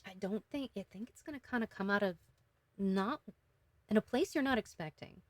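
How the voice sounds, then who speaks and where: A woman giving a casual, emotional tarot reading, talking gently with many fillers and restarts. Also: mid-range voice, normal speed, no echo. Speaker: tarot reader.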